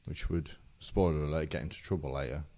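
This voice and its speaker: Low, mellow-voiced man. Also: steady tone, quick pace. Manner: rambling storyteller with frequent restarts. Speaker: podcast co-host. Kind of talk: casual chat.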